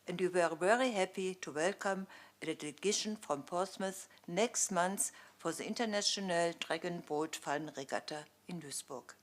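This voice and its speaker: Casting: woman, German accent, lowish voice, careful formal greeting speech. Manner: careful, slightly halting, clears throat. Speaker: visiting civic representative.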